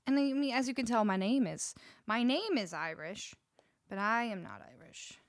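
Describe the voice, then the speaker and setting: A woman's voice: on the high side, animated, moderate pace, no room sound, studio quality. A young Canadian woman with a Canadian accent, chatting casually with her live stream viewers, laughing often and reading their messages aloud. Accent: Canadian English. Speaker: music streamer. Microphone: studio vocal mic.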